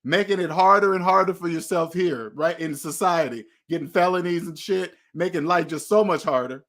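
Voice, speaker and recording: A man's voice: fairly high pitch, normal speed, a bit bright. A man hosting a motivational money talk, preachy and emphatic, driving points home with repeated questions. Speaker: host.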